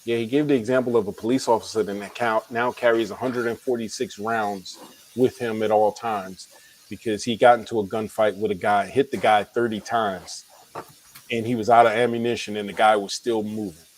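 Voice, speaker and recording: A man's voice: fairly low pitch, steady tone, moderate pace, poor audio. A man co-hosting a late-night chat, talking casually and rambling with restarts, a little tired. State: tired, yawning. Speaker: podcast co-host.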